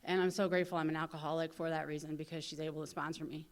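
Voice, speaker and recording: A woman in her thirties from St. Louis speaks at a recovery convention, telling her own story in a candid, lively way. Her voice sits a little low, and she keeps breaking into acted-out quotes, with plenty of fillers along the way. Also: very fast. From St. Louis, USA. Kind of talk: personal recovery story told to an audience.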